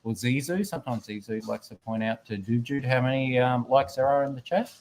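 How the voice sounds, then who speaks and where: Fairly quick and mid-range, this man's voice comes over a computer microphone with background noise. As a guest co-host on a live stream, he chats casually, rambles, jokes about himself and reads the chat out loud.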